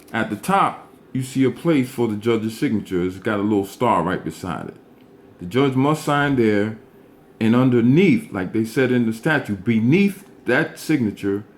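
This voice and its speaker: A man explaining a legal statute, reading it aloud slowly and stressing and repeating key words. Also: mid-range voice.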